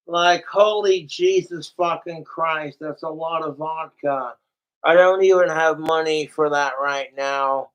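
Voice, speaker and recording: A middle-aged man vents in a rambling, profane vlog rant. He drawls at an unhurried pace, his voice slightly high and clear. He swears freely and circles back on himself as he talks to his viewers. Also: fairly even intonation, a bit bright, low-quality recording. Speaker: vlogger. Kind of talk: rambling casual rant to camera.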